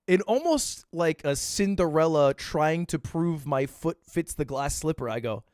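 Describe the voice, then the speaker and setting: A man's voice: a little high, lively intonation, unhurried, a little mellow, no echo, clean studio sound. A young man, an online creator, telling a casual story with lots of self-mocking energy and frequent swearing.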